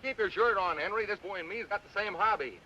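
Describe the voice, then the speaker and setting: A man playing a blunt, gruff small-town sheriff in an old TV comedy, on a dull, hissy soundtrack. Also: high-pitched, quick pace, sharp tone. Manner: blunt, barking orders.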